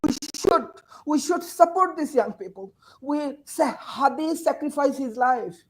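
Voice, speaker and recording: Woman with a high voice, passionate panel speech, keeps repeating herself, on a video call. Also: animated, unhurried, poor audio. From Bangladesh. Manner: emotional and urgent, repeats phrases in stacked rhetorical questions. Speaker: university teacher and forum panelist.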